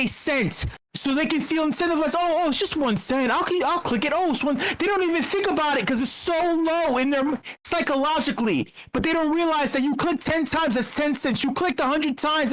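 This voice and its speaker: A woman's voice: high-pitched, poor audio. A woman giving a heated, profane rant in an online voice channel, blunt and repeating herself when she gets going. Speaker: speaker at a community meetup.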